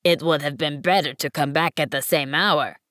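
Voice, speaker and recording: A woman voicing a wise, patient male fox in an audiobook, speaking in a measured, earnest way. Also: deep voice, fairly bright tone, no echo, clean studio sound. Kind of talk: audiobook reading.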